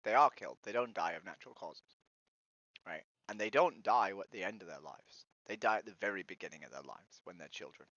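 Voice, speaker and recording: A woman talking casually but pointedly to strangers on a live stream. Her pitch moves a lot as she presses her questions. The audio is dull and lo-fi. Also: expressive, a little fast, a bit bright, no echo. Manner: direct, persistent questioning. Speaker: streamer doing activism on a video chat site. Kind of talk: casual argumentative chat.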